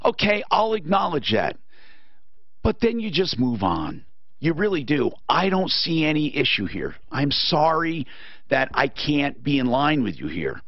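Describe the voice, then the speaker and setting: A man's voice: fairly high pitch, big pitch swings, unhurried, no room sound, lo-fi sound. A man hosting a call-in radio talk show, giving blunt, opinionated advice to callers and reading live ads.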